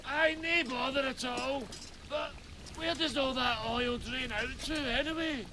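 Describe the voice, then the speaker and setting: A man voicing a cheeky, gruff Scottish repairman in a video game, brisk and chummy. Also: very high voice.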